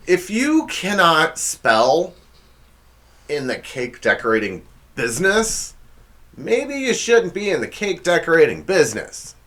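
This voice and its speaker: A comedy show host delivers a sarcastic, exasperated monologue in a fairly high, slightly bright voice, frequently stumbling over his words.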